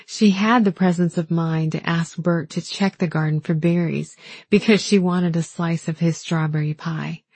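A woman narrating a first-person novel in a calm, measured, gently wistful way. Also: fairly low pitch, breathy edge, no room sound. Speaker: audiobook narrator.

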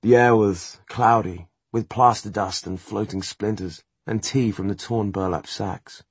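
Male audiobook narrator, breathy husky voice, fairly low, steady measured reading, dry close sound. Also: no room sound. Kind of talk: scripted narration.

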